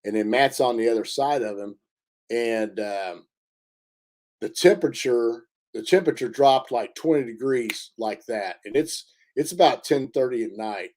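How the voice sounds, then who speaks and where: A man telling a story in a casual interview, halting often with fillers and restarts. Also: mid-range voice, darkish tone. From Indiana. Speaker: interview guest.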